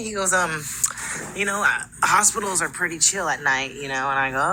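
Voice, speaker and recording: A woman's voice: very deep voice, brisk, bright, forceful tone, a little hiss or hum, poor audio. A woman in her twenties from California, a caller on a live show telling a ghost story in a chatty way and acting out the people in it. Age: 20s. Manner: chatty, acts out quoted dialogue. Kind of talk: casual storytelling.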